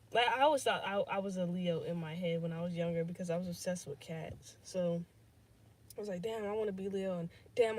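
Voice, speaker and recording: A young woman hosting a casual podcast livestream, rambling and swearing as she thinks aloud, with lots of fillers. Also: lowish voice. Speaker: podcast host.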